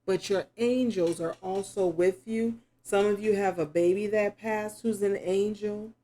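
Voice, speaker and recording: Slow, mellow-voiced woman giving a tarot reading. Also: medium pitch, fairly even intonation. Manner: slow, reflective, musing aloud with sudden exclamations. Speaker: tarot reader. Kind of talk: spoken tarot reading to camera.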